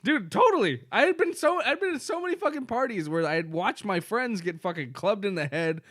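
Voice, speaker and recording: A young man co-hosting a podcast, telling stories in a profane, animated way. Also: high voice, brisk, no echo, clean studio sound. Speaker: podcast co-host. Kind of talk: casual drinking-podcast banter.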